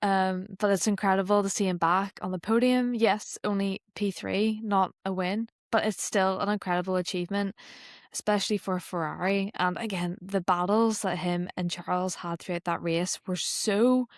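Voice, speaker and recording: A bubbly woman co-hosting a podcast, lively and quick to laugh as she chats. Her voice sits at a middle pitch, and the recording is close and dry. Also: dry recording. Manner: bubbly, laughs often, expressive. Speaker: podcast co-host. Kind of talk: casual chat.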